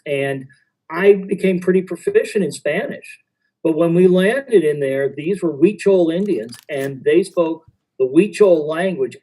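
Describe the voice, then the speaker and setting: A male physician on a conference panel who went to medical school abroad, telling stories in a measured way. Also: on the high side, mellow, rough recording.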